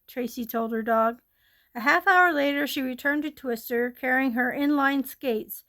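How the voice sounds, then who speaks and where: A woman reads a ghost story aloud in a high, gentle voice. Her delivery is steady and unpolished, with a few small slips and restarts. It sounds like a home storytelling read. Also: normal speed.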